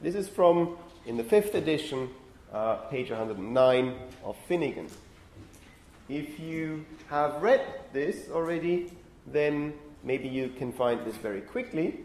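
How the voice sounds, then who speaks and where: A man's voice: a little high, animated, unhurried, a little mellow. A male lecturer explaining phonetics to a class, thinking aloud and often checking in with the students. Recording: echoey classroom with faint ambient noise.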